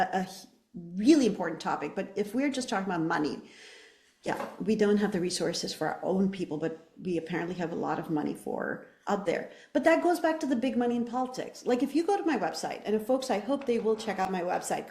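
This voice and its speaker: In a spacious room, a political candidate answers an interview question with passion and emphasis, leaning on rhetorical questions. She has a medium-pitched, slightly mellow voice.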